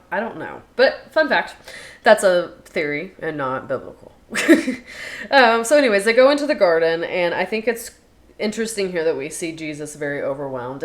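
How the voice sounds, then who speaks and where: Low-pitched woman, casual bible study chat, chatty retelling of scripture, podcast co-host. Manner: chatty, retells scripture in her own words.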